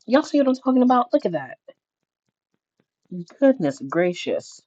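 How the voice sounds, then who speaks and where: A streamer delivers casual, mocking reaction commentary and often breaks into laughter. The voice swings widely in pitch and sometimes shoots up into shrieks. The recording is dry and slightly muffled, like a lo-fi mic. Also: sing-song, measured pace, a little mellow, no echo.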